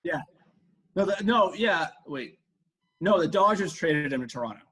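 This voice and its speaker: A man co-hosting a podcast, talking in a hesitant way, restarting phrases and trailing off softly. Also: fairly high pitch, animated, moderate pace, slightly rough. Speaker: podcast co-host. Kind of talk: casual chat.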